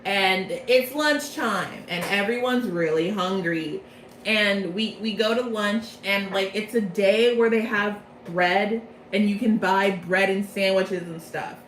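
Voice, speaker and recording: A young woman casually retelling a game's plot from memory, bubbly and jokey, tossing in quick character voices. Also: medium pitch, fairly bright tone. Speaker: storyteller recapping a game plot. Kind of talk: casual chatty plot recap. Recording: echoey room with faint background noise.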